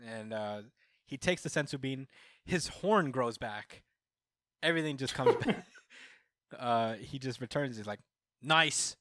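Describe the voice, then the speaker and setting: A man's voice: mid-range voice, expressive, a little slow, long pauses, fairly bright tone, no echo, studio quality. A man co-hosting a podcast, recapping a comic chapter in casual chat and acting out the characters' lines with laughter. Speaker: podcast co-host. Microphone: podcast microphone.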